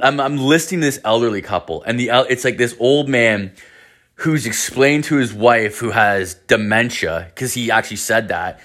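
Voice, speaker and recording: A man's voice: medium pitch, fairly bright tone. Profane rambling man in his thirties. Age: 30s. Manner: profane, rambling, full of fillers. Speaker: podcast host. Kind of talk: casual storytelling monologue.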